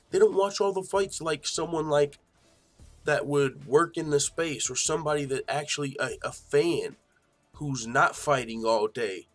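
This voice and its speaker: A man hosting a mixed martial arts news show, talking casually in an animated, slangy and profane way and often laughing. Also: fairly high pitch. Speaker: MMA news show host. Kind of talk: casual commentary.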